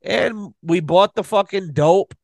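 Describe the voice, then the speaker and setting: A man with a slightly high voice tells a rambling story on a podcast. He swears constantly and keeps the tale animated. The sound is close and dry, with no room echo. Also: takes it slowly, vocal fry. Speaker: podcast guest. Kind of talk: casual storytelling.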